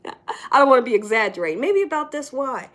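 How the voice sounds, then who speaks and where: This home vlog features a middle-aged woman whose high-pitched voice moves fairly quickly as she tells her audience a lively story. She breaks into laughter frequently and lowers her voice to whispers.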